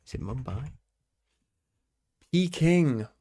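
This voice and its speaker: A man's voice: medium pitch, lively intonation, slow, dark tone. Young British guy streaming, keyboard clicks behind, casual and sweary, thinks aloud. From Britain. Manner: swearing, quizzing himself aloud and talking to chat. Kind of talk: casual live-stream chat.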